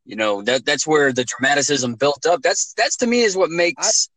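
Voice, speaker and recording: A man's voice: fairly high pitch, moderate pace, fairly bright tone, no echo, low-quality recording. A man in a casual movie chat, speculating and arguing his points. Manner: argumentative, speculative.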